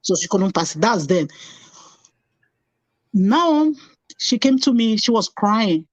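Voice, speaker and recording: A woman's voice: mid-range voice, sing-song, slow pace, no room sound, muffled recording. A middle-aged woman, a nurse, telling her personal story as an interview guest. She speaks animatedly, acts out past conversations and repeats phrases for emphasis.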